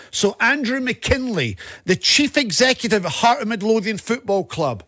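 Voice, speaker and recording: Ranting Scottish man, high voice. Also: fairly bright tone, no room sound, studio quality. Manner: ranting, sweary, impassioned. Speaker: podcast co-host. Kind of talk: casual football chat.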